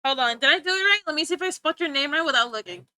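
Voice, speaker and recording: A woman with a high, bright voice chats casually on a live stream, teasing her viewers and rambling from one thing to the next. She giggles often and trails off mid-thought. Her voice sounds dry and close, with no room echo. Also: lively intonation, racing. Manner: playful, giggly and rambling, often breaking off to laugh; joking, teasing banter with chat. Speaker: livestreamer.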